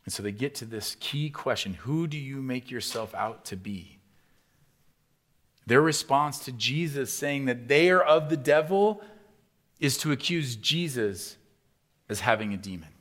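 A man preaching a sermon, talking to the congregation as if chatting with them. He asks rhetorical question after question. His delivery swings between loud, rising emphasis and quiet, low stretches. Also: lively intonation, measured pace. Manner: builds to loud, rising emphasis, then drops to soft and low. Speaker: pastor.

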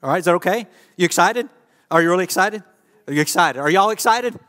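Fast and sharp-toned, this pastor's high, expressive voice rings through a church hall with long reverb. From the stage he gives an interactive sermon, bantering casually with volunteers and playfully joking with the crowd.

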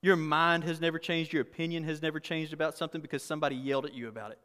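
A pastor preaching a candid, conversational sermon with humor and frequent restarts. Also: male voice, on the high side, fairly even intonation, racing, fairly bright tone, smooth, in a large hall.

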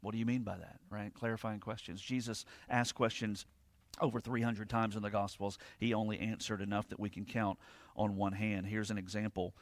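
Pastor preaching in a dry room. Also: male voice, fairly low pitch, little pitch movement, moderate pace, no room sound. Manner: conversational preaching, frequent "right?" to the congregation; reads scripture aloud with rising emphasis. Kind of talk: sermon.

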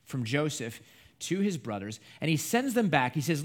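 Storytelling male preacher, slightly high voice. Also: normal speed. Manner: lively storytelling retelling a scripture narrative. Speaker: pastor. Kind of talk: sermon.

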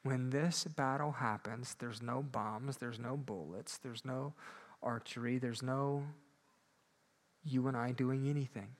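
A man preaching a sermon, moving between loud emphatic peaks and quiet low asides. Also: steady tone, slow pace. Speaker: pastor.

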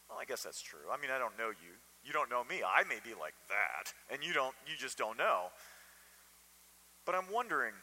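A man's voice: mid-range voice, bright, forceful tone, long reverb tail, rough recording. A man preaching a conversational sermon to a Sunday morning congregation, often asking them direct questions. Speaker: pastor.

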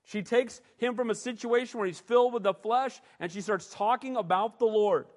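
A man's voice: high voice, normal speed, darkish tone. A male pastor preaching a sermon in a conversational style, often asking the congregation "amen?". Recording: long hall reverb.

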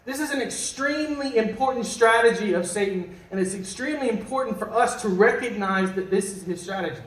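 Man, pastor, conversational sermon, high voice, mic set back in a roomy space. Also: expressive, fairly quick, fairly bright tone. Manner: conversational, asks the congregation questions, jokes. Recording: echoey room from a distant mic.

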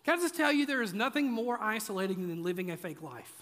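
Bright, high-voiced preacher in an echoey hall. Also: male voice, sing-song, fast talker. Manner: conversational, joking, emphatic repetition. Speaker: pastor. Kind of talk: sermon. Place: church auditorium.

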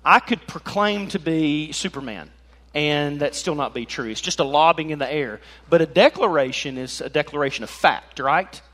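Lively joking pastor guy, bright voice, kinda high. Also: normal speed, few pauses. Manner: animated, joking, swings from loud to soft. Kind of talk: sermon.

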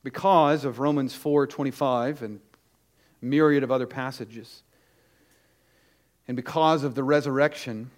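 A man preaching a sermon to his congregation with emphatic, urgent delivery, hitting key words hard and dropping into quick asides. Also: a little high, a little mellow. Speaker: pastor.

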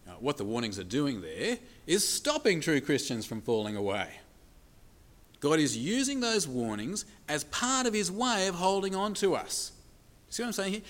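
A man preaching a sermon, emphatic, asking the congregation rhetorical questions and slowing down to stress key points. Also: fairly high pitch, big pitch swings, fairly bright tone. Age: adult with children.

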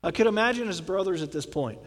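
A man's voice: high voice, expressive, fast talker, fairly bright tone, big-room sound. A male pastor preaching a sermon, dramatically acting out the scripture he quotes.

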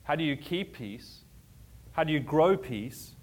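A man's voice: on the high side, expressive, unhurried, husky. A man preaching a sermon in an earnest, conversational way, asking the congregation questions as he goes. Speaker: pastor.

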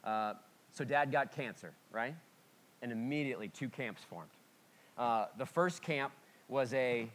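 A man's voice: medium pitch, a little slow, slight background noise. Candid joking male pastor. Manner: candid, self-deprecating humor; lively, sudden swings in loudness. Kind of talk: conversational sermon.

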